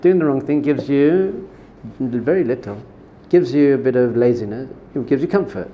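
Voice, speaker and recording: Man, rabbi, informal teaching, mid-pitched voice, conversational, repeats for emphasis. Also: expressive, moderate pace, highs cut off, a little hiss or hum. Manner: conversational, repeats words for emphasis, tells personal stories. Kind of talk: informal Torah lesson.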